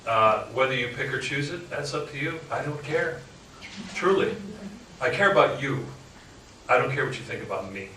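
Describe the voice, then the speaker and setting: A man who hosts talk radio speaks to a live audience in a frank, joking way. He tells his stories like an animated speaker. He sounds distant from the mic in an echoey room with a noisy background. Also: medium pitch, normal speed. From Upper Michigan. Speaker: talk radio host giving a talk. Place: indoor meeting room with audience.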